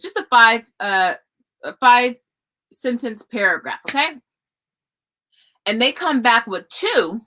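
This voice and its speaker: On a relaxed live stream, a chatty woman offers homeschooling guidance and keeps talking to y'all, her viewers. Her voice leans high and comes across pushed and bright.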